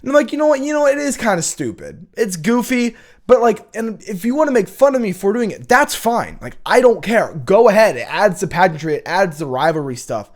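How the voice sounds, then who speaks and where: A man's voice: high voice, very animated, fairly quick. Opinionated young man ranting casually. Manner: opinionated, rambling, frequent restarts and fillers. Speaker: college football show host.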